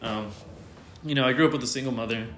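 A man's voice: medium pitch, fast, a bit bright, a little hiss or hum. A man speaking candidly as an interview guest, rambling with lots of fillers and some swearing. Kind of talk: candid casual conversation. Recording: roomy echo.

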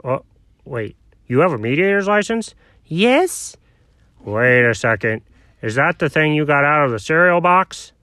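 A man voicing a low-voiced, skeptical young sidekick who talks in a dry, deadpan way in a homemade comedy skit. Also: measured pace, dry recording, heavily acted. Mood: doubtful.

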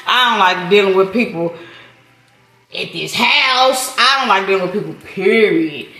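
Woman, podcast host, casual slangy chat, lively swooping pitch, echoey kitchen, background noise. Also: normal speed. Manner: loud, slangy, laughing often.

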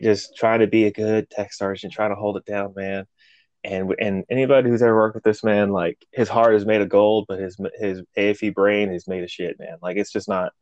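Swearing freely and performing the quotes, this male co-host recounts a story in a relaxed, animated way. His voice sits on the low side, captured in a dry, dull-sounding recording.

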